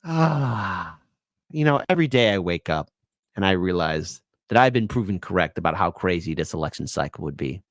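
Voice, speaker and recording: A man's voice: sits low, animated, normal speed, no echo. Mocking guy doing a political live stream, voice swings up and down a lot, dry close sound. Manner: sarcastic, mocking, laughs at his own jokes. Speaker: political commentary host.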